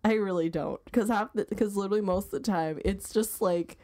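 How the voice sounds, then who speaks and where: A young woman in her twenties chats loosely on a podcast, peppering her sentences with "like" and breaking into laughter. Her voice sits at an ordinary middle pitch, relaxed and unscripted. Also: a little fast. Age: 20s. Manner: chatty, fills speech with "like", laughs often. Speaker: podcast co-host. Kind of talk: casual chat.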